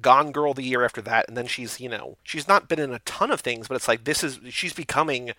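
A man co-hosting a casual movie review chat, rambling with lots of "like" and quick asides. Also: medium pitch, pushed and bright, no echo. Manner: fast, rambling, heavy use of "like". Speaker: podcast co-host.

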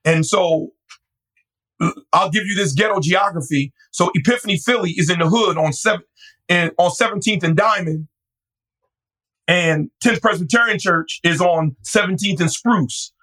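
A man telling the story of his years as a pastor. His voice is a bit husky, and he talks in a lively, animated way with quick bursts. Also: poor audio. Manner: animated, jumps to a high voice when quoting his friend. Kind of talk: storytelling in an interview.

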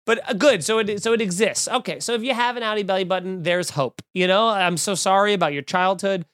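A man's voice: high voice, brisk, fairly bright tone, no echo, clean studio sound. Profane, rambling podcast host man. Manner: profane, riffing stream of consciousness. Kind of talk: casual rambling chat.

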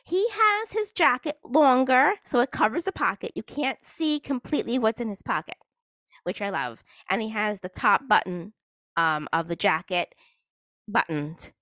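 In clean studio sound with no room echo, a woman with a fairly high, lively, slightly bright voice talks at normal speed. She's a hockey fan vlogger making rambling, chatty small talk and teasing herself along the way.

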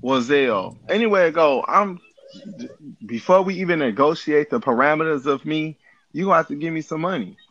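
A man's voice: on the high side, lively intonation, normal speed, a bit bright, no room sound, dull audio. A man who works as a DJ, complaining emphatically in casual chat.

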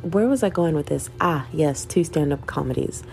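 Soft background music plays under a deep, expressive female voice with vocal fry, a little mellow and at normal speed. The speaker is a podcaster in her twenties with a Southern US accent, rambling candidly in a casual solo chat as she swears and laughs.

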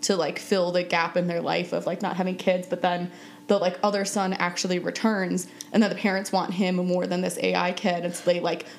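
A woman's voice: fairly low pitch, level tone, brisk, creaky. A young adult woman co-hosting a podcast and chatting casually, with lots of "like" fillers and frequent giggles. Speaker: podcast co-host. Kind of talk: casual chat.

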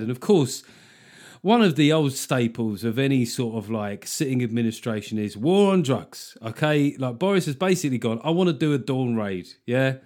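A man hosting a comedic podcast, talking in an animated, sweary, joking way. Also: mid-range voice. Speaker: podcast host.

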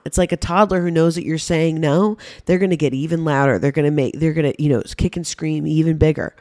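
Candid low-voiced woman podcast host. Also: a little mellow, dry recording, clean studio sound. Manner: candid and conversational, swearing casually, many fillers. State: heavily pregnant. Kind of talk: casual reflective monologue.

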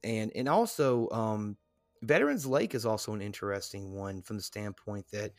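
A man's voice: on the low side, normal speed, no room sound, studio quality. Rambling man co-hosting a podcast. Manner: loose, rambling, with many fillers and restarts. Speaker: podcast co-host. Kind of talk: casual podcast chat.

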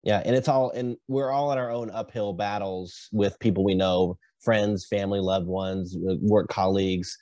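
A man hosting a podcast interview, talking in a halting, easygoing way full of fillers. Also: lowish voice, steady tone, mellow, no room sound. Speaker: podcast host.

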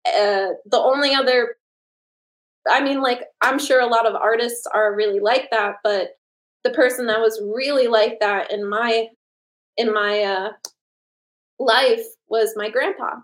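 Enthusiastic young woman, fairly high voice. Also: fairly even intonation, unhurried, poor audio. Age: late 20s. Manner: earnest, enthusiastic, many fillers and restarts; laughs often. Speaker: comic artist and teacher. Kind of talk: podcast interview.

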